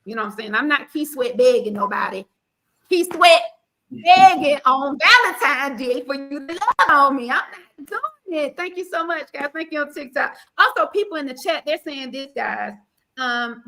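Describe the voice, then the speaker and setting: Sassy woman host, high bright voice, aave, fired up and preachy. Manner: animated, sassy, preachy asides. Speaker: podcast host. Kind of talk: casual panel chat.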